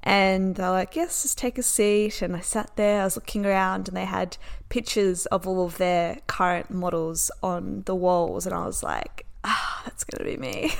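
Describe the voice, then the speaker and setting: Lively young woman telling a personal story. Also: medium pitch, creaky. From Australia. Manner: animated, acts out other people's lines. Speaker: vlogger. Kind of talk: casual storytelling.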